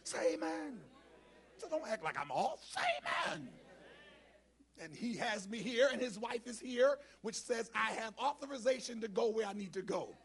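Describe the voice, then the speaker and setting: A man preaching as a bishop, with call and response to the congregation, swinging from low muttered asides to shouted preaching. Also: lively intonation, a little fast, few pauses. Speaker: bishop preaching as guest speaker. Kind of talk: black church sermon with call and response. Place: church sanctuary with congregation.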